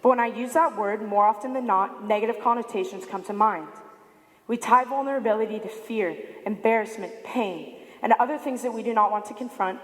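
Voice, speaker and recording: A woman's voice: fairly high pitch, a little fast, long reverb tail. A young woman giving a prepared speech at a student symposium, telling a story and acting out the quotes in it. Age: young adult. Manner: storytelling with lively acted-out quotes. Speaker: student speaker.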